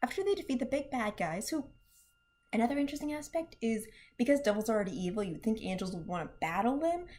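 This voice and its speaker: In her laid-back take on a cartoon show, a young woman talks animatedly, laughs a lot and slips into brief character voices. She speaks on the high side, and a slight hiss or hum is audible.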